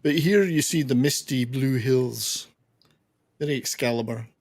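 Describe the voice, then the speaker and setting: Gravelly-voiced male podcast host. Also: medium pitch, measured pace, a little mellow. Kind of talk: casual movie-review chat.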